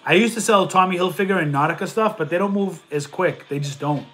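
A man's voice: sits high, a little fast, fairly bright tone, faint music behind. A man hosting a casual livestream, reading viewer questions aloud and answering them, with a stuffy nose. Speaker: livestream host and reseller.

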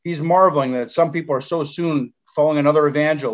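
A man's voice: fairly high pitch, steady tone, fast, highs cut off. A man preaching earnestly in an online Bible class, repeating himself as he exhorts the listeners, while ill with covid. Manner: repetitive, earnest exhortation with stumbles.

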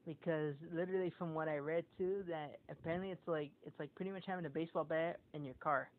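A man with a slightly high voice and fairly even intonation speaks quickly as a podcast co-host, swapping casual, rambling stories laced with profanity and acted-out quotes. The sound is tinny, like a phone, with faint noise behind it.

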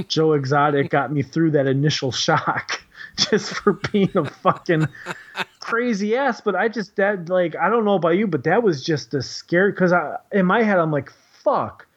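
A kindergarten teacher tells a story in rambling, casual chat, swearing freely and stuffing his speech with "like". His voice sits on the high side at a normal speed, captured on a dull lo-fi recording.

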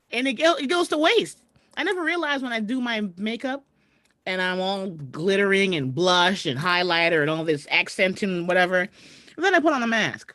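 A woman's voice: fairly high pitch, a bit bright, no room sound, studio quality. A woman comedian hosting a live stream, chatting straight to viewers and greeting guests over a video call. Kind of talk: casual live-stream chat. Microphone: webcam video call.

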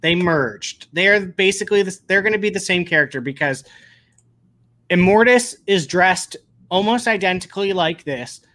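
A man hosting a casual podcast, talking in an unhurried, drawn-out way. He gets excitable and rambles, restarting his sentences as he goes along. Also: sits high. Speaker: podcast host. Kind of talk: casual pop-culture chat.

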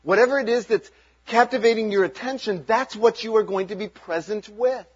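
A man's voice: high voice, a little fast, slightly rough, dull audio. A man preaching a sermon as pastor, talking in an earnest, conversational way and chuckling between points.

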